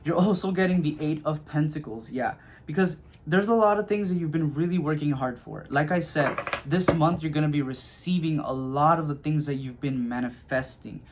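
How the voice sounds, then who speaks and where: Man with a slightly high voice for a relaxed, chatty tarot reading to camera. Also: normal speed, slight background noise. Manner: chatty, filler-heavy, checks in with "okay?". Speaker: tarot reader.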